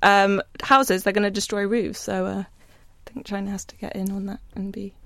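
A woman's voice: mid-range voice, little pitch movement, moderate pace, a bit bright, no echo. A young woman reviewing gadgets on a radio show, giggly and hesitant with many fillers, on a studio microphone. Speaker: work experience gadget reviewer. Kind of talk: radio news chat.

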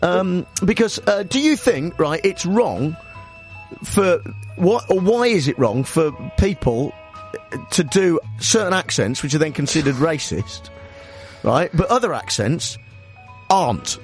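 Radio host, man, slightly high voice, rambling and full of fillers, faint music behind. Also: sing-song, unhurried. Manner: rambling, hesitant. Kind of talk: radio chat show.

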